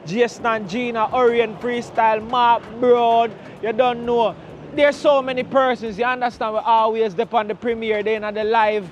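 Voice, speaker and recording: A man with a Jamaican accent, narrating a walking tour outdoors on a town street, chatty and full of patois shout-outs. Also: extremely high pitch, little pitch movement, normal speed, a little hiss or hum.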